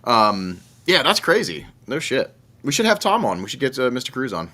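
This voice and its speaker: A man's voice: mid-range voice, sing-song, moderate pace, sharp tone. A man co-hosting a casual podcast, telling stories with lots of swearing and laughter. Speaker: podcast co-host.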